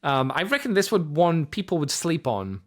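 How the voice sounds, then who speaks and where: A man hosts a podcast in a loose, conversational toy-review chat, with a voice that sits a little above the usual male pitch. He rambles, stacks up ums and uhs, corrects himself mid-sentence and drops offhand jokes. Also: very animated, normal speed. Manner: rambling, many fillers and self-corrections; jokey, offhand asides. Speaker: podcast host.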